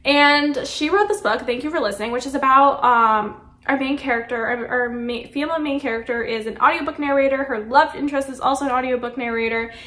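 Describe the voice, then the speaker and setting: A woman's voice: sits high, a little fast, a bit bright, roomy sound. A woman chatting casually through a monthly book wrap-up at home, gushing and saying "like" a lot. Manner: chatty, gushing, heavy use of "like". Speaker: book reviewer. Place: room at home during a power cut, daylight fading.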